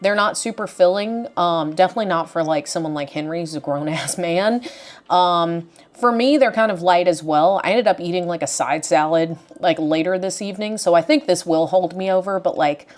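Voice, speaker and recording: A woman's voice: fairly low pitch, moderate pace, soft background music. A young woman chatting casually as she reviews meals and reads out their nutrition stats. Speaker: vlogger. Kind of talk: casual food review chat.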